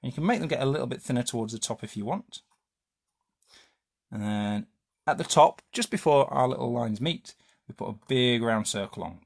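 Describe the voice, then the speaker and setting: A man talks children through a drawing lesson in a playful, chatty way, tossing out questions and goofy sound effects. His pitch bounces around a lot, and his voice has a slightly husky edge. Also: animated, normal speed. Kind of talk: live drawing lesson for kids.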